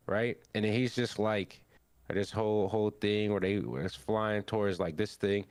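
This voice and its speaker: A man's voice: fairly low pitch, moderate pace, clean tone, dry recording, clean studio sound. Young man retelling an anime episode. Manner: animated storytelling, acting out characters' lines. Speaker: podcast co-host. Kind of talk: casual chat, recapping an anime episode.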